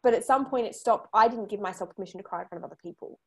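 A woman's voice: mid-range voice, rapid-fire, husky. A woman hosting a podcast, talking earnestly and emphatically, repeating points for stress. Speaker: podcast host. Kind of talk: casual chat.

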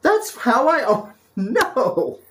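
A man's voice: very high-pitched, very animated, drawn-out words, fairly bright tone, slight background noise. A man co-hosting a podcast, bantering sarcastically with crude jokes and mock voices. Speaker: podcast co-host.

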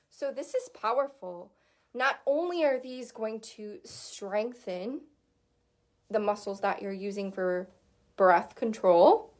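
A woman vocal coach teaching in a casual, chatty way, with lots of fillers and short sung demo notes. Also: medium pitch.

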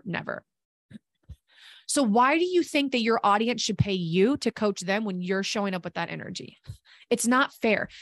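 A woman's voice: a little high, no echo, studio quality. Fervent woman preaching business tough love. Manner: fervent, preachy, faith-driven. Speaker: podcast host and business coach. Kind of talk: motivational podcast monologue.

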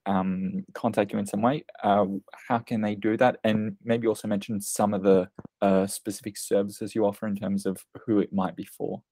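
A man hosts an interview, asking polite, measured questions. His voice is low, gravelly and mellow. The recording is dry and close. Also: flat delivery, dry recording. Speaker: interview host.

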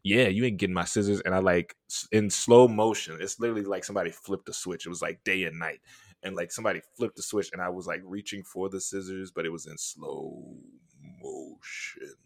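A man's voice: low-pitched, quick pace, no room sound, studio quality. A man co-hosting a podcast, casually telling a funny story, laughing often and acting out what people said. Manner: animated, laughing, acts out quotes. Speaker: podcast co-host.

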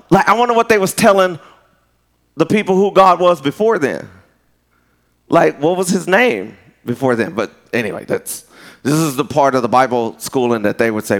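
Folksy preaching man, higher-pitched. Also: expressive, normal speed, fairly bright tone. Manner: conversational preaching with folksy asides and laughs. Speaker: pastor. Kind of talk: sermon.

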